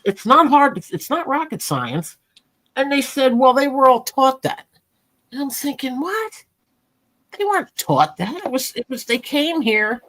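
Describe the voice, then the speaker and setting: A woman's voice: high voice, sing-song, a little slow, a bit bright. A woman with a New Jersey accent, chatting bluntly and telling stories on a live panel. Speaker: panel host. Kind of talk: casual chat on a live panel.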